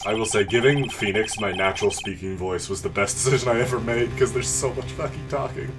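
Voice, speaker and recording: A man's voice: fairly low pitch, a little fast. Playful young male streamer. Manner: playful, jokey. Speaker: streamer playing a game. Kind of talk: casual game commentary with voice acting. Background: game music.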